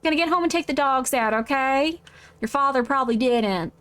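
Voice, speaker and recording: A woman voicing a gentle mother who softly reassures her frightened child. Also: sits high, a little fast, no echo. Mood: motherly. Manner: soft, reassuring, coddling.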